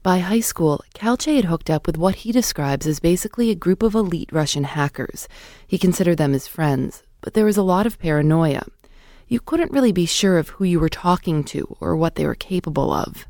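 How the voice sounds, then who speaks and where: A woman hosting a podcast, narrating in a measured way and asking questions. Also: fairly low pitch, lively intonation, mellow, no room sound, studio quality. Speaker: podcast host. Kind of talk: scripted narration and interviewing.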